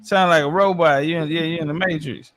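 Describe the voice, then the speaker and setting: A man's voice: fairly high pitch, steady tone, a little fast, fairly bright tone, a little hiss or hum. A man, boasting and trash-talking in casual podcast chat. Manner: brash, trash-talking, confident. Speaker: podcast panelist.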